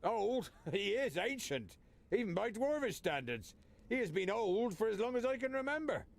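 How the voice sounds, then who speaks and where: An actor playing a boisterous, grizzled male dwarf warrior twin in a fantasy video game, with a hearty, gravelly voice. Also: high voice, big pitch swings, moderate pace, full character voice. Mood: amused.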